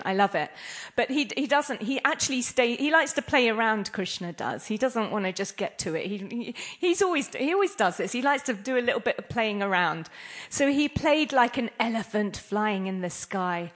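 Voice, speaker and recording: A woman giving an interactive scripture class, playful and laughing often as she quizzes her listeners. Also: mid-range voice. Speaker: class speaker.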